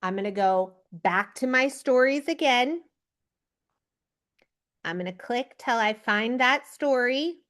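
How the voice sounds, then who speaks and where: High-voiced, fired-up woman coaching a team. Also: slow, pauses often. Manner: energetic, pep-talk style, addresses listeners by name. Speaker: team leader coaching recruits. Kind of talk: motivational training on a video call. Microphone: video call.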